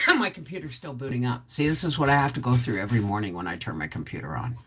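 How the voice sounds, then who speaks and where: A woman's voice: extremely low pitch, animated, fast, noisy background. A woman hosting a casual livestream, chatting and rambling through asides as she greets viewers. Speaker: homestead channel host.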